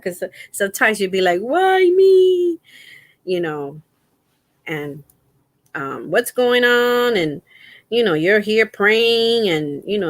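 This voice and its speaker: Woman host for a casual crafting livestream, slow and unhurried, rambling and faith-filled, dry close sound. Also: lowish voice, fairly bright tone, dry recording. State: in pain, resting a sore foot.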